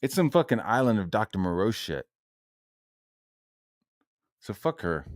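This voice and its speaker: A man's voice: lowish voice, very animated, measured pace, dry recording, clean studio sound. A man ranting in a heated, profane and sarcastic monologue. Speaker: online commentator.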